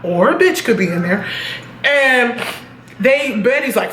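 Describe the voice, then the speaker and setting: Young woman, fairly high voice, animated, swears a lot, casual TV review, echoey room, faint hiss. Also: normal speed. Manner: animated, profane, laughing reactions. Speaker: TV episode reviewer. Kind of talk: casual episode review vlog.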